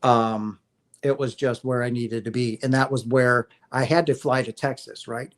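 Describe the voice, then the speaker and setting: A man's voice: medium pitch, steady tone, moderate pace. Earnest rambling man on a livestream. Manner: rambling, earnest, affectionate toward viewers. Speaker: livestream host. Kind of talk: casual spiritual talk on a livestream.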